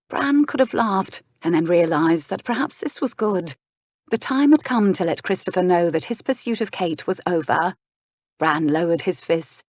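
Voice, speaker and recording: A woman narrating an audiobook with even, steady storytelling. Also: lowish voice, moderate pace, no room sound. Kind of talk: scripted narration.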